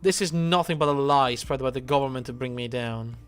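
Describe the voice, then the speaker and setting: A man's voice: mid-range voice, a little fast, clear, resonant tone, faint music behind, natural voice. A man voicing a proud, defiant male political dissident in a video game, speaking firmly and steadily.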